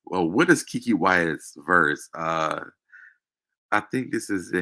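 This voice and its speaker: A man hosting his own show, speaking emotionally in a halting personal monologue with many pauses and fillers. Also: deep voice, very animated, vocal fry, bright, forceful tone. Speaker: show host.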